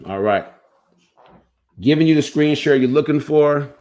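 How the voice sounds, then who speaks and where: A man's voice: fairly high pitch, a little slow, a little mellow. A man hosting a casual livestream, commenting loosely and restarting his sentences as he goes. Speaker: livestream host and coach.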